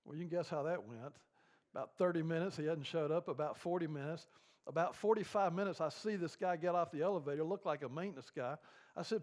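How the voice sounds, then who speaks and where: A man's voice: fairly high pitch, moderate pace, darkish tone. Folksy older grandfather telling stories. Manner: folksy, rambling storytelling with many fillers. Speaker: grief seminar leader. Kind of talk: church seminar talk with folksy stories. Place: church.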